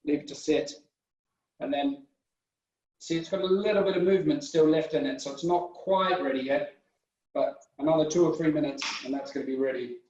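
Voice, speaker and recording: A chef giving a home cooking demonstration, talking through each step in an instructive way. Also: male voice, on the high side, a little mellow. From United Kingdom. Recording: echoey room, distant mic, dull sound.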